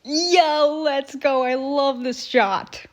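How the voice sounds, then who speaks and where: A woman's voice: high-pitched, very slow, heavy background noise. A young woman hosting a reaction video, chatting animatedly and swearing casually. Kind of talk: casual chat.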